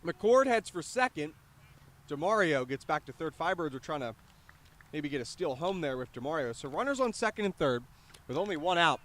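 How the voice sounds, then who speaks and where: A young man calling a high school baseball game play-by-play, lively on the big plays and chatty between pitches, outdoors at the field. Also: a little fast. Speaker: play-by-play announcer.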